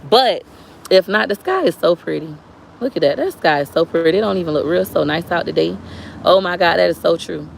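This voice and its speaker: A woman's voice: fairly low pitch, expressive, brisk, vocal fry, a little hiss or hum. A woman speaking straight to viewers in a casual, preachy livestream chat. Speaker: livestream vlogger.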